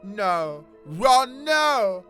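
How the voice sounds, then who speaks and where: A man voicing an anxious, bossy schoolgirl witch in a high, shrill voice, pleading urgently. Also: very animated, drawn-out words, fairly bright tone, clear, resonant tone, faint music behind, heavily acted. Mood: alarmed.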